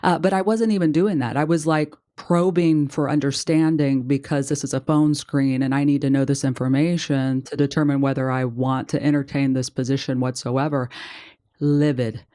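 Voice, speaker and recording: A woman co-hosting a podcast, telling a story in a snarky, animated way and acting out the dialogue. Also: very deep voice, moderate pace. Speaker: podcast co-host. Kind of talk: casual chat, storytelling.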